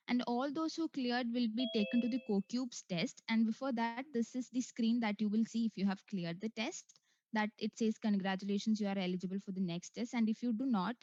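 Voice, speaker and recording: A woman's voice: a little high, darkish tone, no room sound, highs cut off. A woman explaining an online test step by step, with frequent "uh" and "so" as she goes. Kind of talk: screen walkthrough tutorial.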